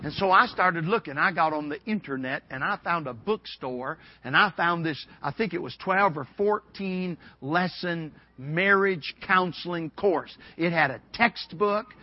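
A man's voice: a little slow, hardly any pauses, no room sound. Man preaching a revival sermon, lo-fi. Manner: swings from soft, low asides to loud, high-pitched shouting when acting out quotes.

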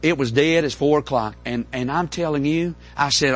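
A middle-aged man, preaching a folksy, animated storytelling sermon to a congregation. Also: on the high side, moderate pace, hardly any pauses. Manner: folksy, animated, with repeated stammering restarts. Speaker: pastor. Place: church in front of a congregation.

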